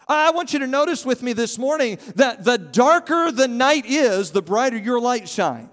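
A man preaching a sermon as pastor, animated and calling on his congregation to respond. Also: extremely high pitch, moderate pace, few pauses. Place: church sanctuary. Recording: long hall reverb.

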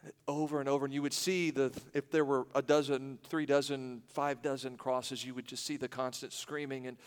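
A pastor preaching a morning sermon with dramatic swings between loud emphasis and hushed, slow passages. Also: male voice, medium pitch, flat delivery, clear, resonant tone, long reverb tail.

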